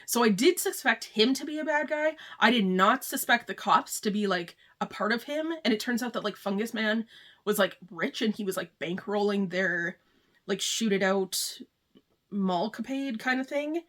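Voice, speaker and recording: A woman's voice: medium pitch, expressive, moderate pace, a bit bright. A woman giving a casual, rambling book review, chatty and full of filler words. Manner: chatty, rambling, heavy use of "like".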